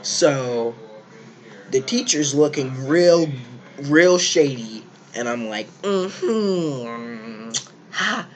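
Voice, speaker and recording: A man's voice: medium pitch, slow pace. A young man telling comedic school stories in a chatty, sarcastic way, acting out the people he quotes. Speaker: animation storyteller. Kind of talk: comedic storytelling.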